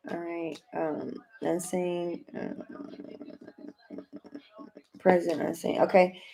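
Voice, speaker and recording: A woman giving a casual tarot reading to viewers, chatty, often repeating "heavy emphasis" and "okay," with bursts of excitement. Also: medium pitch, normal speed, slight background noise. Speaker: tarot reader.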